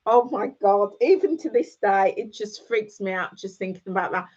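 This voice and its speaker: A woman's voice: mid-range voice, animated, moderate pace, a little mellow. Chatty encouraging woman, lo-fi. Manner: chatty, encouraging, repeats phrases for emphasis. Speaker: host. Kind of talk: casual motivational chat with viewers. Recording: dull lo-fi sound.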